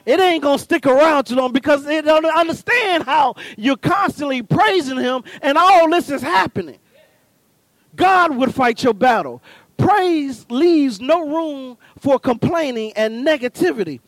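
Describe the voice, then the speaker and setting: A male preacher with a very high voice delivers a fervent sermon, swinging from calm teaching to shouted exhortation. He talks in a folksy, punchy way straight at the congregation, caught up close and dry. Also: measured pace, dry recording.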